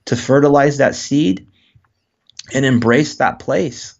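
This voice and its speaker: Gravelly earnest man, candid. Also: mid-range voice, fairly even intonation, slow, dull audio. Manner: earnest, open, candid with frequent restarts. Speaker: guest author. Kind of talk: reflective interview talk.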